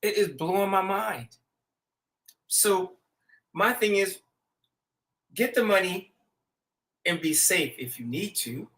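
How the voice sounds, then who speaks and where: His voice sits high, and he takes his time, leaving long pauses while hosting a show. The storytelling is casual and slangy, animated with acted-out quotes and laughter.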